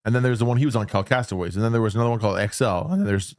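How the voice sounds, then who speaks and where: Fast-talking, rambling, swearing man. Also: fairly low pitch, no echo, studio quality. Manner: rambling, swears a lot, trails off. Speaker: podcast co-host. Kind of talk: casual chat.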